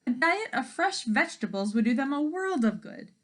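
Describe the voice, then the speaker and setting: A woman's voice: sits high, big pitch swings, normal speed, pitched above the performer's own voice. A woman doing a coaxing storybook rabbit. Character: pushy helpful female rabbit.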